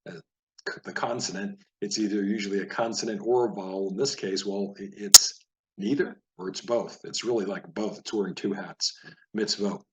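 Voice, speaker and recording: A man teaching Biblical Hebrew reading, patiently explaining and slowly repeating each word. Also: on the low side. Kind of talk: casual spoken lesson over a page of words.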